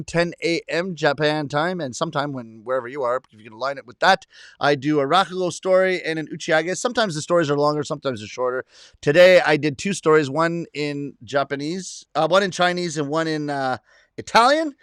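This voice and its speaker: A man's voice: fairly high pitch, a bit bright, clean tone, dry recording, studio quality. Chatty man hosting a livestream. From Canada. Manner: chatty, reads comments aloud, self-deprecating laughs. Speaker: livestream host reading chat. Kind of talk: casual chat.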